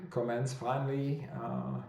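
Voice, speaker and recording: Man, thick German accent, casual stream host, slow, roomy echo. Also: medium pitch, little pitch movement, gravelly, darkish tone. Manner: hesitant with many fillers and restarts, laughs easily. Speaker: host of a weekly publisher chat. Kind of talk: casual livestream chat reading viewer comments.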